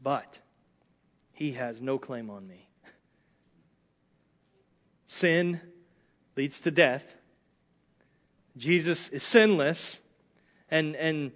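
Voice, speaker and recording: Guy preaching a sermon, a bit high-pitched, kinda dull lo-fi sound, earnest, restarts a lot. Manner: earnest, many restarts, swells louder on key points. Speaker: pastor. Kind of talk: expository sermon.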